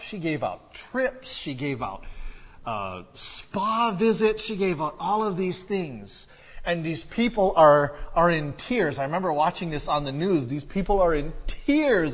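A male pastor preaching a sermon, moving from quiet reflection to loud, animated storytelling. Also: a little high. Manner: builds from quiet musing to loud excited storytelling. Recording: echoey hall reverb.

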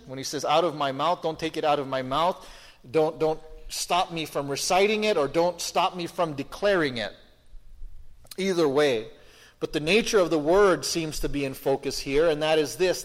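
A man preaching a sermon in a conversational, emphatic way, asking the listeners rhetorical questions and often restarting his sentences. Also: on the high side. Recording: long hall reverb.

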